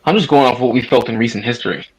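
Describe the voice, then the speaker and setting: Rapid-fire and breathy-edged, a mid-range male voice comes through on a low-quality recording. It belongs to an American guest caller in his thirties who debates politics casually on a voice chat, rambling, emphatic, and swearing occasionally.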